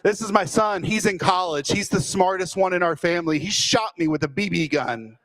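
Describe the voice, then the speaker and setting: A man's voice: high-pitched, normal speed, fairly bright tone, no room sound. A man voicing his proud, goofy middle-aged father, who boasts over and over. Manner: boastful, repetitive.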